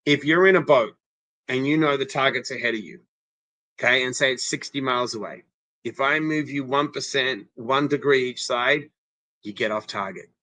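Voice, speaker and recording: A man with a forceful, bright voice speaks emphatically, like a coach laying out rules. He keeps checking in with the listener as he goes. The sound is dry and close, with no room echo. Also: mid-range voice, normal speed. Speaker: interventionist guest. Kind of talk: motivational interview talk.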